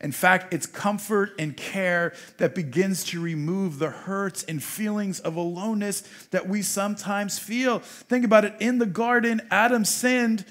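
High-voiced man preaching a sermon. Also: steady tone, unhurried, hardly any pauses. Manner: rises to loud emphatic peaks, then drops to soft storytelling. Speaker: rabbi preaching. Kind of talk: sermon with personal story.

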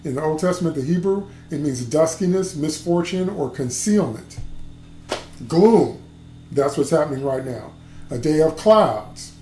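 A man's voice: fairly high pitch, lively intonation, a little slow, dark tone, faint music behind. A man preaching a livestreamed sermon, stressing and repeating key words and often checking in with "okay?". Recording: echoey room, faint background hum.

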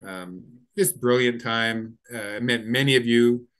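A man's voice: mid-range voice, measured pace, fairly bright tone, clear, resonant tone. Man rambling through a video-call memory. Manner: rambling storyteller with many fillers. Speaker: memorial speaker. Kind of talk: casual spoken recollection.

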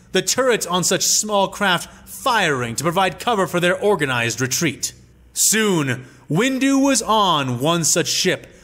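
A man giving a dramatic, expressive narration of fan fiction. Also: fairly high pitch. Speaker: storyteller.

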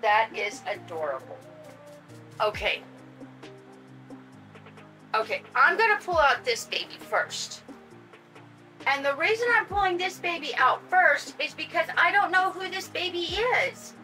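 Older woman, excitable unboxing vlogger, high voice, faint music under. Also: a little slow, long pauses, poor audio. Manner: gushing, excitable, talks to her audience and pets. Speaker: vlogger unboxing reborn dolls. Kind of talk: casual unboxing vlog.

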